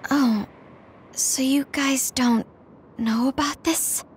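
A woman voicing a timid, gentle young girl in a video game who stammers apologetically. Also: high-pitched, steady tone, takes it slowly, a little hiss or hum. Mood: flustered. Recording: game audio with music behind.

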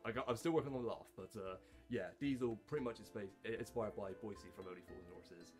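A man talking casually about his hobby voice work, halting, with lots of fillers and restarts. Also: lowish voice, expressive, faint music behind. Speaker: hobby voice actor. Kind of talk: casual talk to camera.

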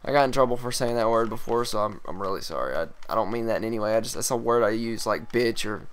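A young man swearing and yelling while commentating his own fighting game, sometimes calming himself down. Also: fairly low pitch, quick pace, smooth. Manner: profane, yelling and groaning at the game. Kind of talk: live gameplay commentary.

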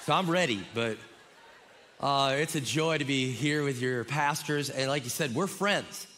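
A middle-aged Minnesota man, serving as a guest pastor, delivers a sermon with enthusiasm, joking warmly with the crowd. His medium-pitched voice is bright and forceful at a measured pace, with a little hiss or hum. The large church auditorium gives long reverb, and the congregation can be heard.

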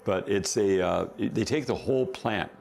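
A man's voice: on the low side, moderate pace, creaky, darkish tone. A man, a company founder, telling a rambling story in a casual interview, correcting himself often and laughing.

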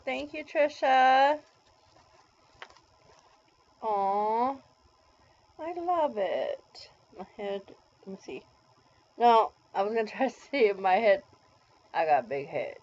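A woman's voice: high voice, a little mellow. A woman in her forties in a bubbly, gushing way, unboxing a package for a casual vlog. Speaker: vlogger. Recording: dull lo-fi home recording.

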